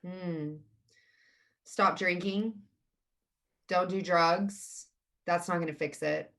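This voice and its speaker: A woman in her thirties, a guest in an interview, speaking openly and earnestly about her feelings. Her voice sits a little low for a woman. She talks in a candid, conversational way. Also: steady tone, slow pace, a bit bright.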